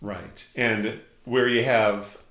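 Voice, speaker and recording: A man's voice: fairly low pitch, drawn-out words, a bit bright. Hesitant middle-aged man in an echoey room. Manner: hesitant, many fillers and restarts. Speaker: podcast co-host. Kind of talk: casual chat.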